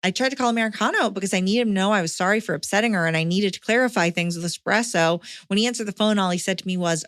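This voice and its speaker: A woman's voice: medium pitch, very fast, few pauses, a bit bright, no echo. A woman hosting a podcast, reading a listener's letter aloud and breaking in with blunt, swearing reactions. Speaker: podcast host.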